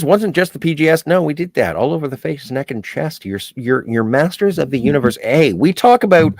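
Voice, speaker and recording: A man's voice: mid-range voice, no room sound. A man from Southern Ontario hosting a casual livestream, reading viewer chat aloud with playful jokey asides. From Southern Ontario, Canada.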